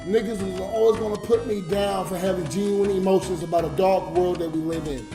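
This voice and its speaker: A man's voice: high voice, steady tone, a little fast, echoey room, over music. A drunk man crying and ranting on a livestream, swearing and talking straight to his viewers. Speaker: livestreamer and YouTube comedian. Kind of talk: emotional late-night livestream rant.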